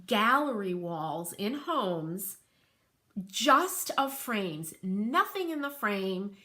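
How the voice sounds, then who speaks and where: A middle-aged woman with a New England accent hosts a furniture painting livestream, doing show and tell in a mid-range voice at an extremely slow pace. She gushes, gets excitable, and laughs often while reading viewer comments.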